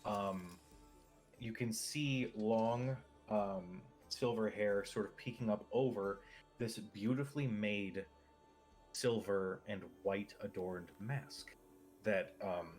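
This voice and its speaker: Dude dm narrating a tabletop game, lowish voice, faint music behind. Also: male voice, takes it slowly. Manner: casual, rambling with fillers. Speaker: game master.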